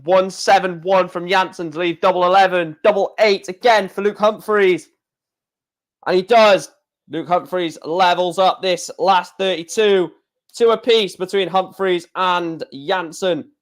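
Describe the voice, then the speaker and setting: A man's voice: high voice, steady tone, measured pace. Man calling darts scores on a watchalong stream. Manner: calls out scores in short bursts, chatty asides. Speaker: stream host. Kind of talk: casual live darts watchalong commentary.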